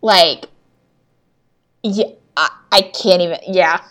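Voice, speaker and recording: Slow-talking woman agreeing warmly. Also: fairly low pitch. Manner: agreeing, hesitant fan. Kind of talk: casual TV recap chat.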